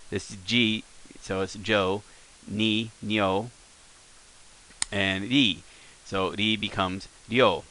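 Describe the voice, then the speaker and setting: Lesson-recording teacher, male, slightly low but bright-edged voice, casual and self-correcting. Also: takes it slowly, long pauses. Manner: relaxed, thinking aloud with fillers and self-corrections. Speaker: language teacher.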